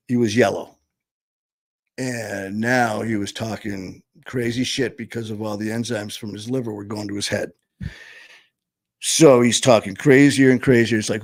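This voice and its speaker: A man's voice: lowish voice, steady tone, normal speed, pauses often, no room sound. A middle-aged man bluntly telling his personal recovery story to a group, with some casual swearing. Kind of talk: personal testimony talk.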